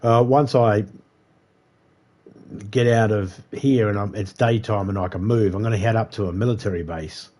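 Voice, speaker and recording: A man's voice: fairly low pitch, steady tone, moderate pace, a little mellow. A man live-streaming a survival game, rambling and cursing casually as he talks to viewers. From United States. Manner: rambling, profane, chatty monologue.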